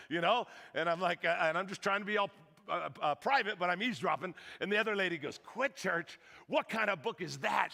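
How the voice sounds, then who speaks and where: A high-pitched man preaches to his congregation, joking and animated as he acts out the people in his story. His voice is gravelly and bright, and it carries through a large hall with a long echo. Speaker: pastor. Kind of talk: storytelling sermon. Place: church hall.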